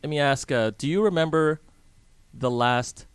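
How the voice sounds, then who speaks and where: A man's voice: fairly high pitch, moderate pace, clean tone, no room sound. A man being interviewed on the radio, talking casually and quizzing the hosts with questions as he explains his work. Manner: chatty, asks the hosts questions, restarts often. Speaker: real estate guest. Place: radio studio in a hotel.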